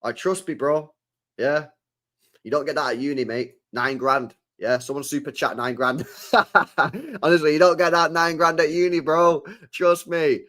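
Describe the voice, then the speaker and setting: A man's voice: on the high side, unhurried, fairly bright tone. A young man, chatting casually on a livestream, repeating phrases and ending lines with mate and bro. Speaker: football channel host. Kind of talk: casual livestream chat reading super chats.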